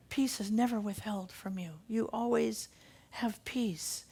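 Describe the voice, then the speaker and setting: A woman minister delivers a sermon in a slightly higher voice. She repeats her key lines over and over, slowing down to stress them. Her tone stays steady and preacherly. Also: vocal fry, slightly rough. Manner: emphatic, repetitive preaching with slowed key phrases.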